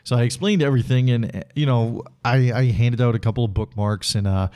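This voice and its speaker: Mid-range in pitch, clean and mellow in tone, the voice belongs to a Canadian man running a solo reflective podcast at a slightly fast clip. He meanders through anecdotes, packing in fillers and laughing as he tells them.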